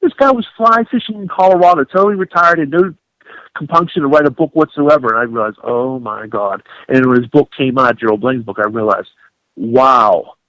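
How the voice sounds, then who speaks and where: A man, an author guesting on a radio interview, talking in an emphatic, indignant, animated way. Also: on the high side, fast, no room sound. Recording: dull lo-fi radio broadcast.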